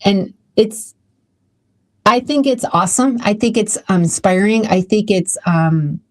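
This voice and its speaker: A woman's voice: mid-range voice, a little slow, a little mellow. A woman hosting her own podcast, talking casually and emotionally with many restarts. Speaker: podcast host. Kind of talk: casual solo podcast talk.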